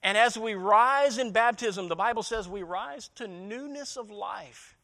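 A man's voice: high voice, a bit bright. A man preaching a sermon as pastor, asking rhetorical questions, repeating words as he restarts, and building to emphatic peaks.

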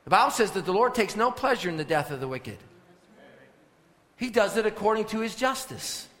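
A man preaches to his congregation with a forceful, commanding delivery. He drops to low, firm instruction, then rises into loud scripture reading. His fairly high voice rings out with the long reverb of a large church hall. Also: sing-song, a little fast. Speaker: pastor. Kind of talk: sermon.

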